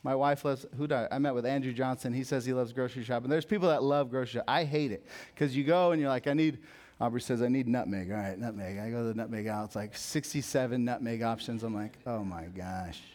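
A young man preaching a sermon as a pastor, conversational and jokey, telling stories, then dropping soft for emphasis. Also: medium pitch, fast talker. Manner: conversational, jokey storytelling with sudden soft drops.

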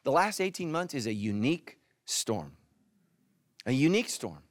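A middle-aged man, a pastor, preaching a sermon with animated swings from loud emphasis to hushed, intimate lines. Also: medium pitch, moderate pace, no room sound, studio quality.

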